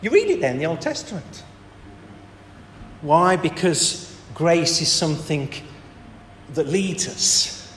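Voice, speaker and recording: A high-voiced man preaches with emphasis, leaning on rhetorical questions and drawn-out pauses. His voice rings through an echoey hall with a long reverb tail. Faint ambience sits behind him. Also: very animated, fairly bright tone, a little hiss or hum. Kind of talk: sermon.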